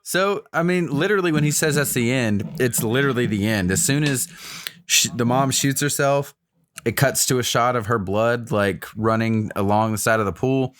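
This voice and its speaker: A man's voice: medium pitch, normal speed, fairly bright tone. A man co-hosting a podcast in casual chat, dropping wry jokes and asides. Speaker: podcast co-host.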